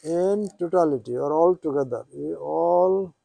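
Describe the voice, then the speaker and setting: A male teacher gives a classroom lesson on Quranic Arabic grammar, going over each term again and again and checking in with short questioning tags. His voice is fairly high but mellow and warm. The recording is dry, with little room sound. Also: a little slow, gravelly, no room sound. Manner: patient, repetitive explaining with questioning tags. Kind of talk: classroom lesson, mixing English and Bengali.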